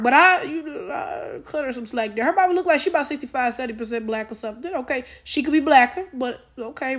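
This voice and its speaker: A woman ranting in a casual commentary video, exasperated and animated, using lots of slang and talking straight to her viewers. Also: fairly high pitch. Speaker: commentary YouTuber.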